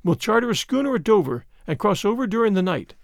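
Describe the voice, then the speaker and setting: A man's voice: sits high, very animated, fast talker, creaky, no room sound, clean studio sound, exaggerated voice. A man voicing a desperate noble lady who pleads earnestly for help. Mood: resolute. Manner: pleading, urgent.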